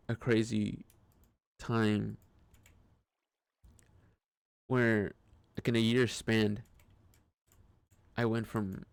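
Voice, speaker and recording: A man's voice: lowish voice, creaky, dry recording. A man talking through a casual personal monologue, hesitant and rambling, with frequent restarts and swearing. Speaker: vlogger.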